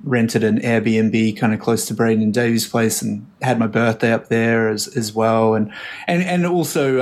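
A man from New Zealand whose accent has shifted toward Australian, chatting as a guest and telling stories in a relaxed way. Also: lowish voice. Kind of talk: casual chat.

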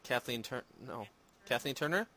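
Brief: male podcast host, mid-pitched, chatty and rambling, easygoing. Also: lively intonation, moderate pace, pushed and bright, slight background noise. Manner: rambling, self-deprecating, lots of fillers. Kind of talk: casual chat. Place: home in Minnesota.

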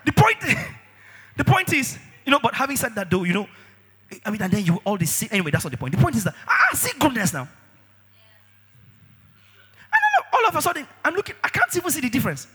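A male preacher with a very husky, raspy voice sitting high in his range. His tone is bright and tense, and he repeats phrases for emphasis as his voice climbs to shouts and drops to quiet lines. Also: a little fast, pauses often. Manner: animated, swings from shouting to low and intimate. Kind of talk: sermon.

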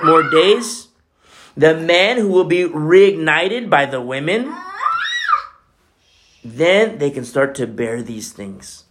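A male pastor delivers a sermon in an emphatic preaching manner. He drives points home with rhetorical questions and repeats phrases for weight. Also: mid-range voice.

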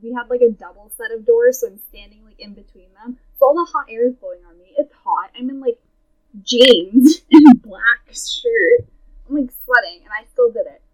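A young adult woman in a casual chat, telling a story. Her voice sits a little high. She talks in a quick, chatty way, full of "like.". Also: expressive, poor audio. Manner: chatty, fast, many "like" fillers.

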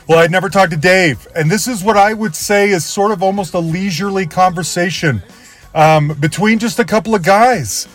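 Enthusiastic podcast host, rather high voice. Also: male voice, moderate pace, soft background music. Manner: enthusiastic, rambling, self-deprecating. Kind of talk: solo podcast intro.

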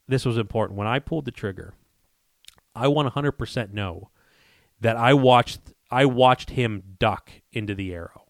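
A man's voice: mid-range voice, no echo, clean studio sound. A man telling a story in casual conversation, acting out quoted dialogue with frequent restarts and repeated words. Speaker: guest telling a hunting story.

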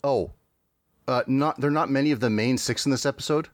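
A man's voice: mid-range voice, fairly quick, dry recording, studio quality. A man hosting a podcast, chatting casually with many fillers and restarts. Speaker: podcast host.

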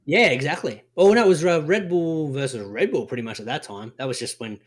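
A man's voice: on the high side, brisk. A young man co-hosting a podcast, chatting in a laid-back way with casual swearing. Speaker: podcast co-host. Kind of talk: casual banter.

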